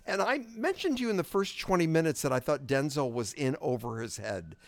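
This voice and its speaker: A man co-hosting a podcast in casual movie chat, animated and quick with interjections and repeated words. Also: on the high side, dry recording. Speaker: podcast co-host.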